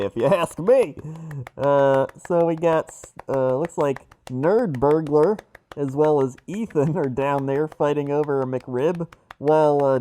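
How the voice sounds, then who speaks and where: A man putting on a frantic high traffic reporter. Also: mellow. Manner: rambling, jokey news-reader patter. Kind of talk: comedy podcast bit.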